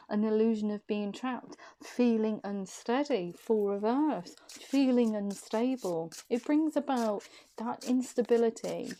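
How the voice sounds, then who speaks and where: A woman's voice: a little high, measured pace, warm tone. A woman giving an intuitive tarot reading to the viewer, thinking aloud as she interprets each card in a loose, wandering way.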